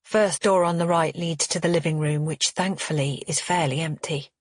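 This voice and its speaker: A woman reading a first-person thriller audiobook in an even, measured way. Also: sits low, dry recording, studio quality. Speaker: audiobook narrator.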